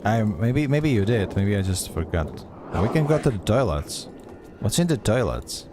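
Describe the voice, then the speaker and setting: A man's voice: fairly low pitch, big pitch swings, normal speed, noisy background. A man streaming a horror game, chatty and sarcastic, talking back at the game as he plays. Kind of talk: gameplay commentary.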